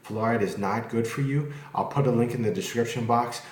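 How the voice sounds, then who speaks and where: A man vlogs casually at home, talking to camera in a candid, rambling way and cursing freely. His voice is medium in pitch, a little mellow, and a little fast, and the room sounds echoey.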